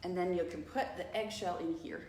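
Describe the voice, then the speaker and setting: A woman's voice: fairly low pitch, a little fast. Chatty woman hosting a cooking stream. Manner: chatty, playful, laughs often. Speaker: cat cafe owner hosting a live stream. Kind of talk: casual cooking demonstration. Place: cafe kitchen. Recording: echoey kitchen with faint noise.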